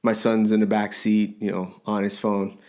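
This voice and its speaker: Animated storytelling man in his forties. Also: fairly low pitch, moderate pace. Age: 40s. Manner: animated storyteller, rambling restarts, laughs often. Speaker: podcast co-host. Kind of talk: casual storytelling chat.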